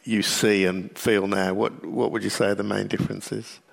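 A man interviewing musicians, asking measured, drawn-out questions. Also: on the low side, flat delivery, gravelly.

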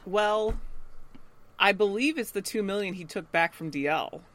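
A woman's voice: mid-range voice, moderate pace, a bit bright, no room sound. A woman co-hosting a podcast in casual chat, with a dry, offhand manner. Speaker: podcast co-host.

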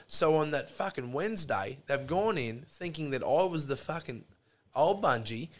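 A man's voice: mid-range voice, expressive, moderate pace, fairly bright tone. A man with an Australian accent, a podcast guest telling crude, profane stories in casual chat and acting out both sides of the arguments.

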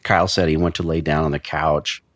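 Deep-voiced male investigator, plain blunt storyteller, dry close sound. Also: flat delivery, a bit bright, no echo. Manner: measured, blunt, with frequent restarts. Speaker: former investigator recounting a case. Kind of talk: true crime storytelling.

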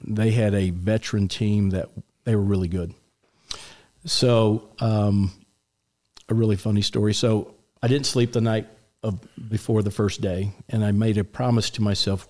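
A man in his sixties telling anecdotes as a guest on a radio talk show, relaxed and full of restarts. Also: on the low side, normal speed. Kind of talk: storytelling in a radio interview.

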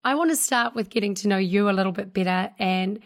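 A woman's voice: mid-range voice, fast. A woman hosting a podcast, upbeat and earnest, reading her intro and then interviewing a guest. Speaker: podcast host. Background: music.

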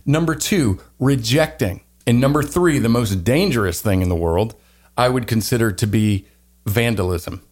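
Animated man preaching in conversation. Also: medium pitch, normal speed. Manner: animated, acts out quoted voices. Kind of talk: preachy faith discussion.

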